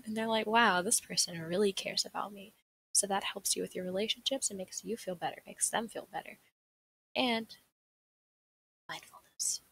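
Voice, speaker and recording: A woman's voice: mid-range voice, bright, forceful tone, a little hiss or hum, low-quality recording. A young woman with a Southern American accent, chatty and rambling as she presents a seminar on a livestream, laughing often. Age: young adult. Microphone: desk mic on a livestream.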